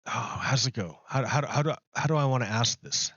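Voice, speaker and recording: A man's voice: mid-range voice, animated, fairly quick, fairly bright tone, husky, no echo, lo-fi sound. A man livestreaming who talks casually to his chat, repeating and restarting phrases as he builds an argument. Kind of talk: casual live-stream talk to chat.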